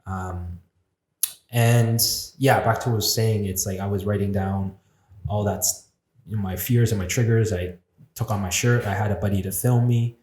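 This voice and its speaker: Candid low-voiced man in a roomy space. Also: fairly even intonation, normal speed, a little mellow. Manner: reflective and candid, swearing freely, acting out his own inner voices. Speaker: podcast guest. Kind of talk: candid conversational storytelling. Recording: roomy echo.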